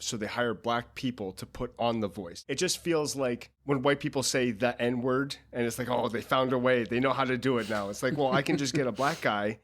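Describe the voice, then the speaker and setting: A man co-hosting a casual film-review podcast, making his points earnestly and searching for words. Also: medium pitch. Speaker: podcast co-host.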